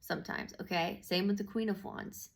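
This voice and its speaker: A woman talks through a casual tarot reading in a gravelly voice. She rambles, restarts her sentences and swears freely, full of slang and fillers. Her pitch sits in an ordinary middle range. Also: fairly even intonation, moderate pace. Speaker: tarot reader.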